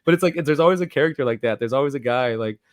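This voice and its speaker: A man from Mexico co-hosting a casual movie podcast, rambling and animated, often acting out quoted voices. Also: medium pitch, rapid-fire, dry recording, clean studio sound. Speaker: podcast co-host.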